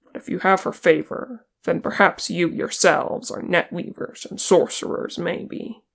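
Reader doing proud horse-lord captain, man, suspicious, bitter, gravelly, slow. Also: medium pitch, a bit bright. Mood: guarded. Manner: guarded, bitter. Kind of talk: audiobook character reading.

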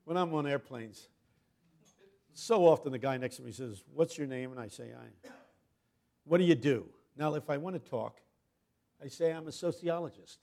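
An older man giving a sermon as a guest preacher, telling a story dramatically, dropping to a hush and then rising loud as he acts out the people in it. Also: mid-range voice, normal speed, creaky, long pauses. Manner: dramatic storyteller, swings from hushed to loud, acts out quoted voices.

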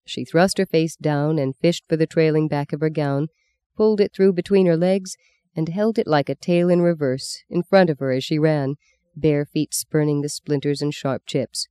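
A smooth, mellow voice narrating a novel with expressive pacing. The recording is close and dry, with no room sound. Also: mid-range voice, moderate pace, no echo. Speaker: audiobook narrator. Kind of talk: scripted literary narration.

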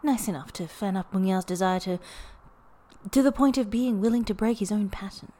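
A woman's voice: mid-range voice, normal speed, mellow. Woman reading a story aloud. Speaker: podfic reader. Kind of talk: scripted narration.

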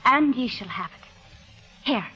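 An actress playing a trusting young Irish maid fresh off the boat, speaking with an Irish accent in gentle, earnest 1940s radio acting. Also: female voice, on the high side, expressive, slow pace, husky, highs cut off, full character voice. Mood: dismayed.

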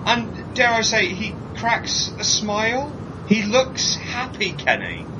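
A man co-hosting a podcast, animated and jokey, chatting about a TV episode and mimicking people in silly voices. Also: slow. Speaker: podcast co-host. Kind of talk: casual chat reviewing a TV episode. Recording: muffled sound with clear vehicle rumble.

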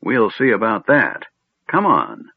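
A man's voice: fairly low pitch, wildly swooping pitch, takes it slowly, gravelly, husky, no echo, exaggerated voice. A man voicing a vague, fussy old male wizard who rambles absent-mindedly and gets huffy. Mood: stern. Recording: tinny phone-like line, dry.

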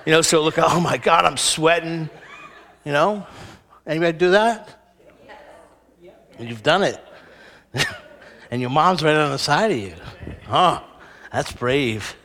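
A man's voice: a little high, a bit bright, in a large hall. A middle-aged man giving a conversational sermon, telling personal stories and acting out the voices in them. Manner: conversational storytelling, acts out voices. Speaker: speaker at a spiritual center.

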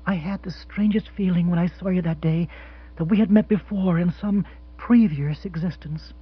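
A man voicing a grand, theatrical wealthy widow in an audiobook, dreamy and breathy in her romantic pronouncements. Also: high voice, moderate pace. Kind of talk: audiobook character voice. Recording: dull lo-fi sound.

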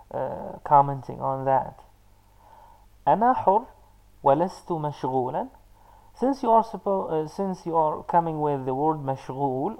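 A man teaching an online lesson, explaining patiently and pausing often with filler sounds as he answers chat comments. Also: medium pitch, mellow, smooth, low-quality recording. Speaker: Arabic teacher.

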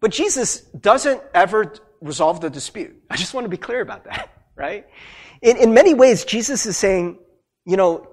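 A man as a pastor preaching a sermon, talking in an animated, conversational way with many asides. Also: high-pitched, normal speed.

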